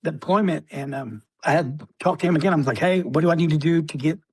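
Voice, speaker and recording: Husky man, podcast guest, rambling stories, clears his throat a lot, dry close sound. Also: on the high side, fast, darkish tone, no room sound. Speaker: podcast guest, military veteran. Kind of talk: casual storytelling interview.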